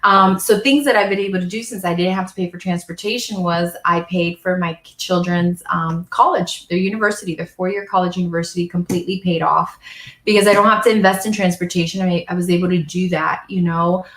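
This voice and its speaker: A woman's voice: lowish voice, fairly even intonation, brisk, a bit bright, echoey room, low-quality recording. A woman guest in an interview, telling her story earnestly and getting emotional at times. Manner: emotional, tearful at moments, earnest. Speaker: national sales director, guest.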